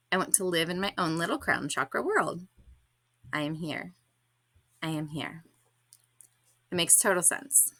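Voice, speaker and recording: A woman's voice: fairly low pitch, unhurried, pauses often, a bit bright, dry recording. A woman podcast host reading her own blog post aloud in a candid, reflective and slightly awkward way.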